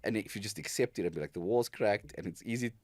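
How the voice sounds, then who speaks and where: Animated man in casual chat. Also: fairly low pitch, quick pace, no echo, studio quality. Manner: animated, acts out quotes. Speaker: podcast co-host.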